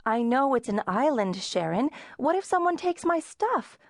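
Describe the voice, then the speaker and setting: A woman's voice: sits high, sing-song, normal speed, dry recording, studio quality, pitched above the performer's own voice. A woman narrator voicing an exhausted, frazzled young mother with an exasperated, pleading manner.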